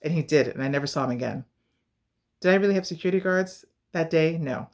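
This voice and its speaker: A woman's voice: low voice, quick pace. An American woman giving advice in a casual vlog, telling stories in an emphatic, direct way and acting out the voices of the people she quotes. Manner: animated storyteller, acts out quoted voices.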